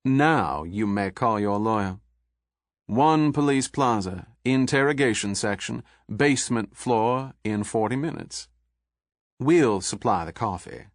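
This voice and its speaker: A man voicing a suave federal agent with a Southern accent, smooth, pleasant and coolly polite. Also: on the low side, animated, unhurried, no room sound, clean studio sound.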